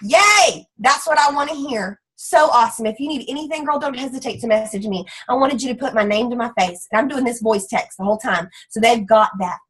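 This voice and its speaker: A woman with a twang leads a motivational team call, her voice somewhat husky and pitched a little high. She talks in an energetic, folksy way, full of pep and homespun sayings. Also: fast talker, few pauses, poor audio. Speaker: team leader.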